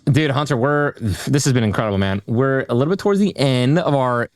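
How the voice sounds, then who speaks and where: A man hosting a podcast, asking excitable rapid questions in slangy casual chat, full of "bro" and "dude". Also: medium pitch, no room sound. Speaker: podcast host.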